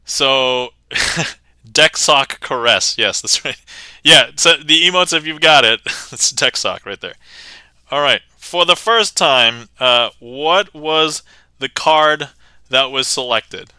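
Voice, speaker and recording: Bright, crisp-voiced man doing playful magic patter. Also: medium pitch, slow pace, no echo. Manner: playful, chatty, laughs often, thanks viewers by name. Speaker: livestream magician. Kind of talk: casual livestream patter.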